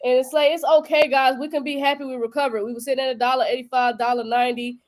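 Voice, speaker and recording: Young female host with a North Carolina accent, chatty and teasing, higher-pitched. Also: fast. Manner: animated, joking, slangy. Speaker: crypto show host. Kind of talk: casual live-stream chat.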